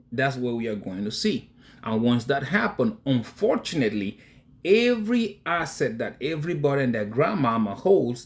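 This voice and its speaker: A man talking casually to his viewers, emphatic and chatty, often breaking into laughter. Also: medium pitch. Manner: emphatic, addresses viewers directly. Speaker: crypto investing vlogger. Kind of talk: casual talk to camera.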